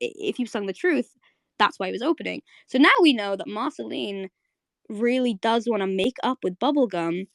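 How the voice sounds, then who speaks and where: A woman hosting a live audio chat, casually retelling a cartoon episode as an excited fan who keeps asking "right?". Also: medium pitch, dry recording. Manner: chatty, fan-excited, many fillers and "right?".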